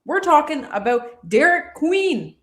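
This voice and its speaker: A woman's voice: high-pitched, very animated, takes it slowly, fairly bright tone, reverberant. An upbeat woman with a Canadian accent, hosting a casual podcast chat. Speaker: podcast host.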